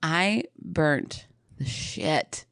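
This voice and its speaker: Woman, forties, podcast co-host, low voice, chatty storytelling, dry sound. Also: lively intonation, extremely slow, vocal fry, a bit bright, smooth, dry recording. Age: 40s. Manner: chatty storytelling, laughs often. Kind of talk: casual chat.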